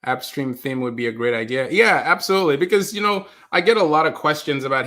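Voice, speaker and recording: A man's voice: fairly high pitch, animated, fairly quick, few pauses, fairly bright tone. A man hosting a casual live stream from a basement, chatting with viewers, reading their comments aloud and apologizing when the stream freezes. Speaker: livestream host. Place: mother's basement.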